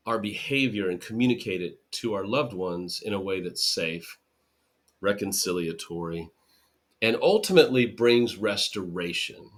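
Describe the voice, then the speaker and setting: Earnest man hosting a healing podcast. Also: fairly low pitch. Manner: earnest, animated storytelling with acted-out quotes. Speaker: podcast host. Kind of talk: solo podcast talk.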